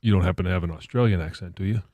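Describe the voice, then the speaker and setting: A man's voice: deep voice, very fast, dry recording, phone-quality sound. A man co-hosting a sports radio show, teasing and needling his partner in playful banter. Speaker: radio sports talk co-host.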